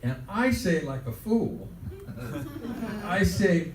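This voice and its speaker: A man's voice: high voice, very animated, takes it slowly, pauses often, a little mellow, a little hiss or hum. An older man, an interview guest, telling anecdotes and laughing through them. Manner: laughs through his stories, acts out quotes. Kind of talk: anecdotal storytelling. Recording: roomy, distant mic.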